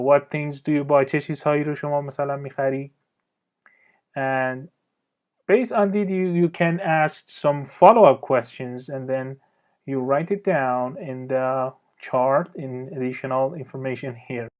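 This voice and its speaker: A man with a Persian accent teaching English, reading example sentences slowly and explaining them quickly in Persian, pausing often with fillers and restarts. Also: mid-range voice, a little mellow. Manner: hesitant, frequent uh fillers and restarts. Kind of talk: recorded language lesson.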